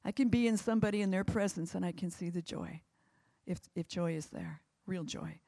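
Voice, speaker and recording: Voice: medium pitch, fairly quick, gravelly, mellow, long reverb tail. A preacher delivering a sermon that closes in prayer, with fervent, repetitive exhortation.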